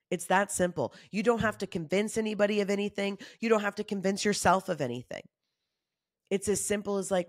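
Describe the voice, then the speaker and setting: A woman in her thirties hosting a motivational solo talk, candid, casual and animated, often saying y'all. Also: medium pitch, moderate pace, no room sound, clean studio sound. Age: 30s. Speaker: podcast host.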